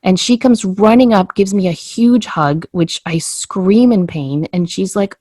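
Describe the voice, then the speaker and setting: In a medium-pitched, slightly slow delivery with few pauses, a woman relates a personal anecdote during a laid-back podcast chat. She brings the quoted dialogue to life as an animated storyteller, recorded in studio quality without echo.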